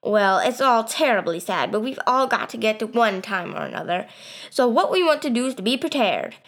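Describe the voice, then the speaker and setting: A woman voicing a scheming old male con man who poses as a preacher, smooth and theatrical, in a storybook reading. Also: fairly high pitch, sing-song, normal speed, fairly bright tone, exaggerated voice. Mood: sly.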